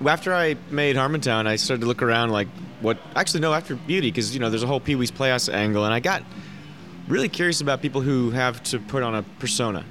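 A man, a documentary director, talking in a relaxed, conversational way as an interview guest. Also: medium pitch, fast, slight background noise. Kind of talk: casual interview.

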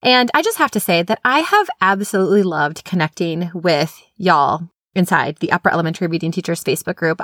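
A woman's voice: fairly low pitch, fairly bright tone, no room sound, clean studio sound. Enthusiastic woman podcast host. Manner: enthusiastic, chatty. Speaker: podcast host, literacy specialist. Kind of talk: upbeat podcast talk.

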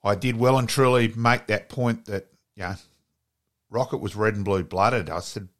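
A man's voice: on the low side, fairly even intonation, normal speed, fairly bright tone. A man, a podcast co-host reminiscing with a guest in casual chat. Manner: reminiscing, agreeable.

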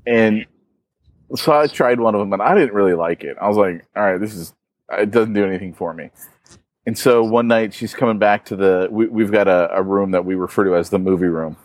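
A man's voice: fairly low pitch, brisk, dry recording. A man co-hosting a podcast from his backyard, laid-back and playful, telling casual stories. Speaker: podcast co-host.

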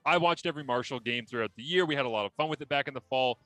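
A man hosts a sports talk show in a bright, forward voice. He tells stories with an easy laugh, recorded dry and close on a studio mic. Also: medium pitch, no echo, faint music behind, poor audio. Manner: chatty, quick to laugh and tell stories. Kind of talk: casual sports chat.

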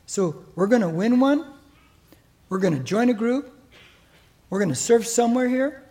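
A man's voice: extremely high pitch, animated, moderate pace, pauses often, warm tone, slightly rough. An older man with an American accent preaching a sermon as pastor in a church, emphatic and exhorting. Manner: emphatic, exhorting, mimics listeners' excuses.

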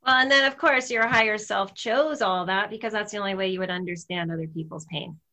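A woman's voice: medium pitch, fairly quick, sharp tone. A woman hosting a casual chat, affirming and conversational.

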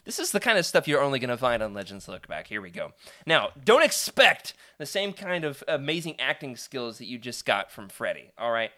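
A man's voice: mid-range voice, very animated, fairly quick, sharp tone. A man hosting a live stream, chatty and playful, reading a choose-your-own-adventure book aloud to his viewers.

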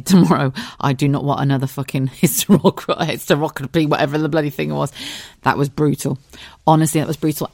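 A podcast host tells her own story in a candid, conversational monologue, swearing freely and speaking frankly. She has a bass voice with a darkish tone, captured in clean, echo-free studio sound.

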